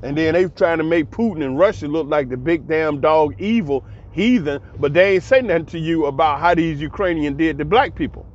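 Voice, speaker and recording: A man's voice: on the high side, brisk, hardly any pauses, muffled recording. A man, giving a heated, preachy monologue that repeats itself. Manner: preachy, ranting, repetitive. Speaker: commentary channel host.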